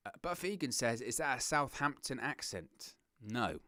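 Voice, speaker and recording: A young man from southern England with a southern English accent, hosting a wrestling watch-along with excitable play-by-play commentary. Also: mid-range voice, normal speed, no echo, studio quality. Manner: excitable play-by-play, giggles at puns, reads chat.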